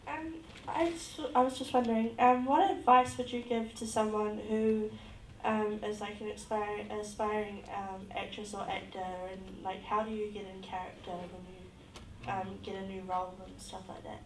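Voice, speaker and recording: A woman's voice: mid-range voice, fairly even intonation, normal speed, a little hiss or hum. A woman in the audience asking a question hesitantly, with many fillers. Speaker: audience member. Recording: echoey hall, far from the mic.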